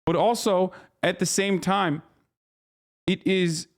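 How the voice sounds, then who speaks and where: This man's high, steady voice moves at a slow pace as he livestreams casual commentary. He rants in an exasperated, foul-mouthed way, rambling with frequent restarts.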